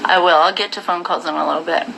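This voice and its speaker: A woman live-streaming, telling her viewers a story in a blunt, profane, animated way. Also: lowish voice, quick pace, vocal fry, background noise.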